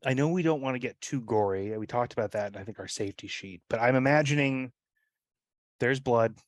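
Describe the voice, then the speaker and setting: A man at mid pitch explains his character's moves to the game master, rambling and filling his sentences with "like" and "right?". The recording is dry and close, with no room sound. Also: fairly quick, no room sound. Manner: rambling, with many fillers like "like" and "right?". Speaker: player. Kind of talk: casual chat describing his character's actions.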